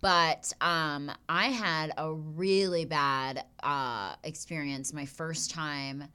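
A young woman hosting a podcast in casual chat, candid and crude, and quick to laugh. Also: low voice, fairly even intonation, bright, forceful tone, clear, resonant tone. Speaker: podcast host.

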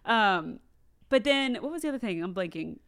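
A young woman co-hosting a podcast, talking in a relaxed, candid casual chat. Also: mid-range voice, normal speed. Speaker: podcast co-host.

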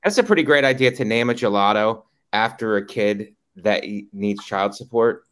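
A man co-hosts a casual podcast and drops dry, wry asides. His voice sits a little low. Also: moderate pace, fairly bright tone, smooth. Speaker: podcast co-host. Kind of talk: casual comedic chat.

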